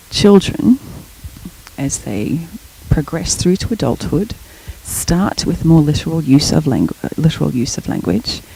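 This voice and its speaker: A middle-aged woman gives a guest lecture in an explanatory, storytelling way. Her voice is mellow and a little gravelly, with a husky edge. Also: low-pitched, poor audio. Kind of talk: academic lecture.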